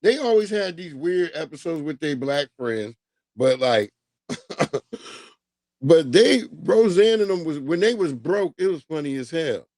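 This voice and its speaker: A man's voice: a little high, expressive, measured pace, a little mellow, no echo. A man hosting a livestream, chatting casually with viewers in a rambling, profane way and drifting off on tangents. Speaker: livestream host.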